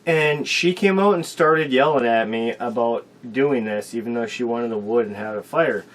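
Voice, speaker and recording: Man, mid-pitched, co-hosting a casual talk show; animated, tells stories. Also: normal speed, poor audio. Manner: animated storyteller. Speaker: co-host. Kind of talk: casual chat.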